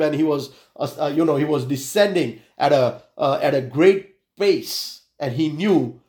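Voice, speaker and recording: Halting preacher man, echoey room. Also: fairly high pitch. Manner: halting, many fillers and restarts. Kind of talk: sermon with illustration and prayer.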